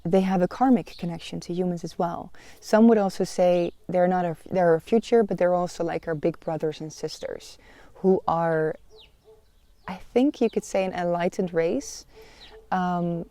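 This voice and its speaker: A woman's voice: lowish voice, moderate pace, dark tone, no echo. A woman hosting a personal podcast, talking in an earnest, confessional way with frequent "you know" fillers. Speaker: podcast host.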